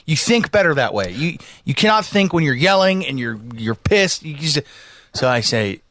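A man's voice: on the high side, normal speed. A man co-hosting a podcast, telling a story in casual chat, swearing and acting out the people in it. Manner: animated, swears, acts out voices in his story. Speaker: podcast co-host.

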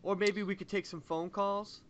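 A man co-host chatting eagerly and quickly about what comes next on the show. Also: high voice, steady tone, a bit bright, highs cut off. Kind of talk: casual chat.

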